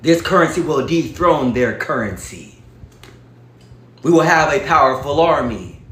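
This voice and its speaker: Emphatic high-voiced man in an echoey room. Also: expressive, measured pace, fairly bright tone. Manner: emphatic, preachy, addresses viewers as y'all. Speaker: vlogger. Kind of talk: casual direct-to-camera talk.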